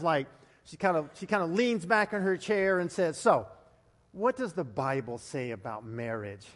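High-voiced preacher in a reverberant hall. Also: male voice. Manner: animated, with stammered restarts and chuckles. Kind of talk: storytelling sermon.

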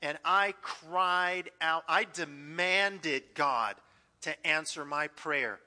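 Male pastor, high piercing voice, big dynamic swings, church hall reverb. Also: takes it slowly. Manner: animated, swings from loud to hushed. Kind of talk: sermon. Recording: echoey hall.

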